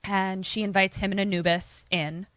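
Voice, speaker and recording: A woman co-hosting a podcast, casually retelling a film plot in an animated way and acting out the characters' lines. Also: mid-range voice, normal speed, no echo. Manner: animated, acts out quoted lines. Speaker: podcast co-host.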